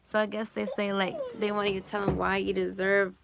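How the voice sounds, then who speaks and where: A woman's voice: medium pitch, flat delivery, a little fast, creaky, heavy background noise. A woman hosting a casual live Q&A from home, rambling with lots of "like" and "you know" and giggling often. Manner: giggles often while talking. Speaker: live-stream host answering chat questions.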